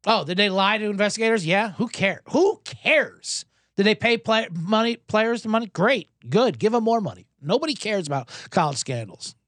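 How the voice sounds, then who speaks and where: A man's voice: sits high, expressive, moderate pace, a bit bright, dry recording, clean studio sound. A man hosting a comedy sports podcast, ranting sarcastically with lots of swearing and frequent restarts. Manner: ranting, sarcastic, profane, self-interrupting. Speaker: podcast host.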